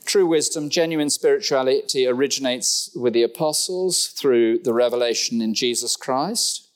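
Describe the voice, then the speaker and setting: A middle-aged man preaches in a church, with wry humor and a voice that leaps up for emphasis before dropping back down. His pace swings between quick asides and slow, weighty lines. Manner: lively, humorous asides and sudden pitch jumps. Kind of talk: sermon.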